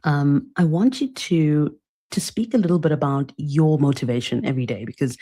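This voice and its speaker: A British woman hosting a casual interview, speaking warmly and hesitantly with many fillers. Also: sits low, expressive, normal speed, husky. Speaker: podcast host.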